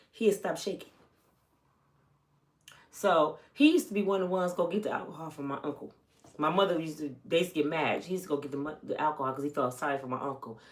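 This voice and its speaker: This middle-aged vlogger, whose voice sits on the low side, recounts a personal story to viewers. She's lively, moving between loud and quiet moments and imitating the people she's quoting.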